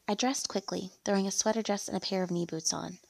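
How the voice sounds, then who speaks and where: A woman's voice: medium pitch, fairly even intonation, fast talker, gravelly, no echo. A woman narrating a first-person romance story in a chatty, wry manner.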